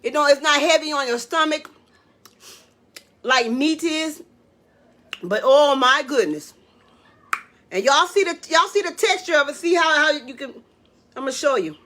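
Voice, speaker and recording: A woman, chatting excitedly to viewers while cooking in her home kitchen. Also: sits high, normal speed, long pauses. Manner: excitable, exclaims with food, talks to viewers as y'all and baby. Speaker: home cook hosting a live cooking stream. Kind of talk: casual live cooking chat.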